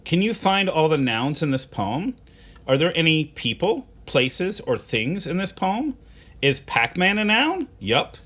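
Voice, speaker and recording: A man's voice: on the high side, sing-song, measured pace, a bit bright. A male teacher giving an online class, patiently asking students simple questions and reading short poems aloud. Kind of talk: recorded online class instruction.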